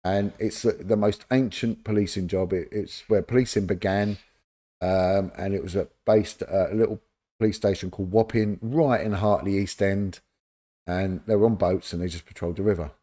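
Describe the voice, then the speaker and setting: A middle-aged man, telling lively stories as an interview guest and acting out the dialogue. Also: low-pitched, moderate pace. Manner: animated anecdote-telling, acts out quoted dialogue. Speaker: interview guest, former police officer. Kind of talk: casual storytelling.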